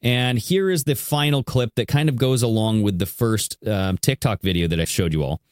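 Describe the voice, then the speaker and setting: A man hosts a podcast and breaks down a clip for his audience. He explains in a steady way and often checks in with "right?" His voice is recorded dry and close. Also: fairly low pitch, normal speed, no room sound. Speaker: podcast host. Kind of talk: commentary on a played clip.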